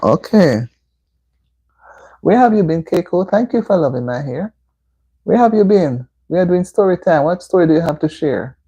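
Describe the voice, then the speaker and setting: A woman's voice: on the low side, lively intonation, normal speed, long pauses, dark tone, breathy edge. A Jamaican woman hosting a casual livestream, chatting with viewers and answering their comments with motherly advice. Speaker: livestream host. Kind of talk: casual live-stream chat. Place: indoor room at home.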